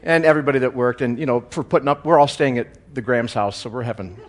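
Invited to speak at a church, a man tells a funny story during his sermon, delivering it animatedly and chuckling as he goes. He speaks quickly at a medium pitch.

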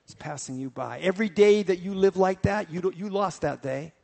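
A man voicing a gentle male Holy Spirit who rebukes softly and steadily. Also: sits high, a little fast, vocal fry. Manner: soft, steady, repetitive rebuke. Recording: long hall reverb.

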